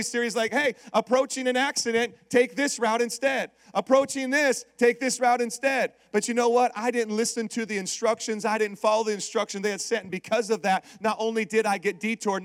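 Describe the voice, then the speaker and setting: High-voiced male preacher, dry close sound. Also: no echo. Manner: animated storytelling with call-outs to the congregation. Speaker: pastor. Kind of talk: sermon.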